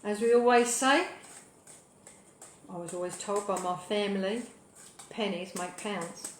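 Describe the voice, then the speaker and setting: A woman's voice: mid-range voice, unhurried, a little hiss or hum. Chatty British woman cooking live. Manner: cheerful, rambling, cheeky asides, bursts of loud whoops. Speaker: cooking show host. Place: home kitchen. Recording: echoey kitchen with clattering dishes.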